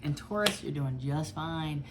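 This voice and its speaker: Low-pitched woman tarot reader, blunt and chatty, faint background hiss. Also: unhurried. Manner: chatty, blunt, swears freely. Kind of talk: casual tarot reading.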